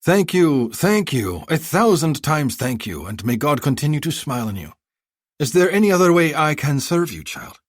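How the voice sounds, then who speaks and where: A man voicing a fawning, talkative male bazaar vendor who flatters and haggles. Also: on the high side, normal speed, no room sound, clean studio sound, pitched above the performer's own voice. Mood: effusive.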